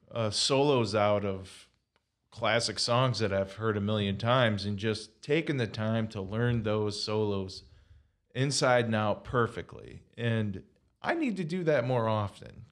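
A man hosting a podcast, talking casually in a halting way and repeating words as he thinks. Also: on the low side. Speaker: podcast host.

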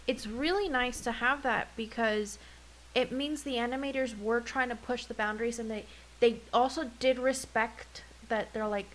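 A young woman co-hosting a casual podcast, talking in an animated way and swearing now and then. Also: normal speed, poor audio. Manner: animated, swearing, jumps pitch when excited. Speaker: podcast co-host.

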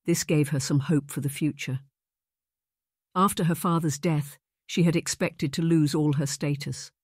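Male audiobook narrator, fairly high, dry. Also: steady tone, normal speed, darkish tone, slightly rough, no room sound. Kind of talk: scripted narration.

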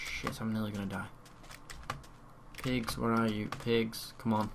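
A man's voice: lowish voice, level tone, unhurried, creaky, long pauses, background noise. A young man giving casual commentary on his own gameplay, chatty and muttering repeated words to himself as he plays. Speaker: let's play gamer. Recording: home mic with loud keyboard typing. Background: keyboard typing.

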